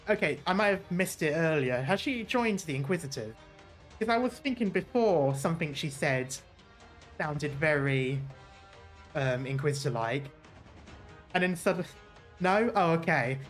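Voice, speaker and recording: Here's casual let's-play talk from a game streamer who wanders off track, fixes their own words, and swears occasionally. The mid-range voice runs at normal speed with long pauses, and faint music plays in the background.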